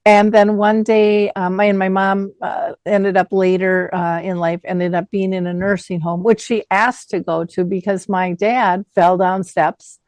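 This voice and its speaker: A woman's voice: mid-range voice, unhurried, hardly any pauses, no room sound. Woman host chatting, acts out the quotes in her stories, dry close sound. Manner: animated storyteller acting out quotes. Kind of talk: conversational interview.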